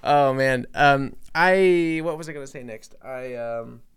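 Male host, rambling and self-mocking, clear voice, dry close sound. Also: mid-range voice, a little slow, no echo. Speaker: podcast host. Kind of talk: casual interview chat.

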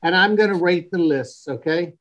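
A man's voice: high voice, normal speed, muffled recording, over a noisy crowd. A middle-aged man hosting a joking casual panel chat, teasing the others and often restarting his sentences.

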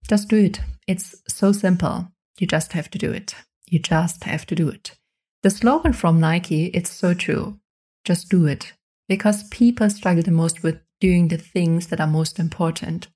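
Mellow-voiced woman hosting a self-help podcast. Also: fairly low pitch, unhurried, husky. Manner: encouraging, repetitive, speaks directly to listener. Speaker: podcast host. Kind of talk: motivational self-help talk. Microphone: studio microphone.

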